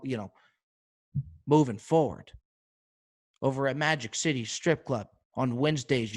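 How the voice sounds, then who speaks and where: A man hosting a podcast, riffing through an animated comedic monologue with frequent asides to his listeners. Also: mid-range voice. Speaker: podcast host.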